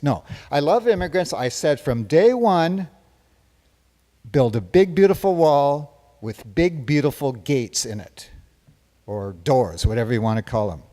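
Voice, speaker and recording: On a live stage, a performer in a one-man comedy show plays a hippie president in a parody, fielding audience questions. His medium-pitched voice has a dark tone close to everyday speech, and he is boastful, rambling and full of self-praise. The stage gives a long reverb.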